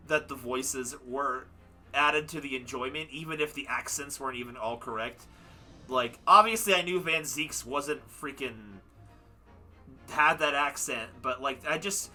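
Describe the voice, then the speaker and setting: A young man with a very bright, fairly high voice talks loosely into a desk mic, rambling and poking fun at himself. He sounds worn out after a long stream, and soft game music plays faintly behind him. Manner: chatty, rambling, self-deprecating. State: tired. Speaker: livestreamer. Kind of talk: casual chat wrapping up a game stream.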